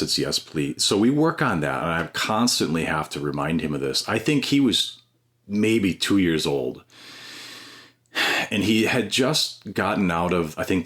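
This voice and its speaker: A man, a guest on a podcast who is a stay-at-home dad and former teacher, telling personal stories in an earnest, animated way with frequent restarts. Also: sits low, moderate pace. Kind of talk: personal storytelling in an interview.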